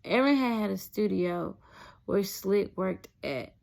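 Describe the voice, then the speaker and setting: A woman's voice: mid-range voice, slow pace, creaky. A young adult woman telling a personal story in a casual, chatty vlog, often addressing her viewers directly. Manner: chatty, animated, keeps addressing viewers as "y'all".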